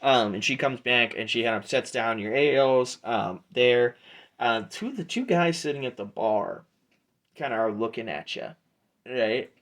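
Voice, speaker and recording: A man runs a tabletop game with loose, casual narration, pausing with fillers. His voice sits at an everyday middle pitch. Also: animated, fairly bright tone. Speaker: game master.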